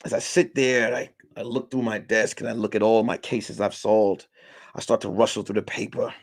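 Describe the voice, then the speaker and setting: A male comedian telling a mock film-noir detective story in slow, dramatic narration with crude asides. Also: on the low side, little pitch movement. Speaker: comedian and podcast host.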